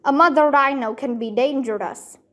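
A woman's voice: high-pitched, normal speed, fairly bright tone. A woman voicing a stern, suspicious male game ranger in a storybook. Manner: stern, doubtful.

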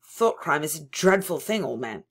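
A woman's voice: low voice, sing-song, moderate pace, husky, heavily acted. Woman doing a stammering, panicky prisoner man. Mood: eager. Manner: stammering, pleading, louder than narration. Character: panicky, servile middle-aged man prisoner.

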